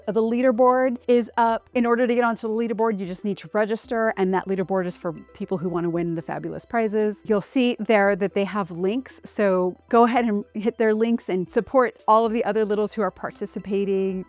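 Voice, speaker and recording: A woman's voice: mid-range voice, a little mellow. A woman hosting a casual craft vlog, talking in a playful, self-mocking way. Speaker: channel host.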